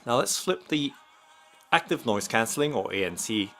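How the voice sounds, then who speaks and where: A man narrating an unboxing and demonstration step by step, in a slow and methodical way. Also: mid-range voice, big pitch swings, creaky, a bit bright, soft background music. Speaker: product reviewer.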